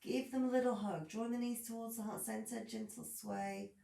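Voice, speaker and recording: A woman teaching a guided yoga class, cueing softly and gently as she practises on her mat. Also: on the high side, steady tone, fast, creaky. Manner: soft, gentle cueing with frequent yawns and light laughs. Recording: roomy echo, voice from a distance.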